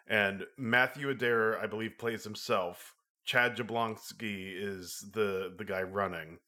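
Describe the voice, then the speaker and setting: A man co-hosting a podcast, casually summing up a film with relaxed, dry remarks. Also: lowish voice, slow pace. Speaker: podcast co-host. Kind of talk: casual film review chat.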